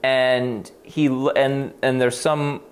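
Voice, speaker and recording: A man who works as a clinician tells a case story in casual conversation. He is animated, swears freely and often restarts his sentences. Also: medium pitch, takes it slowly. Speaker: clinician on a talk show.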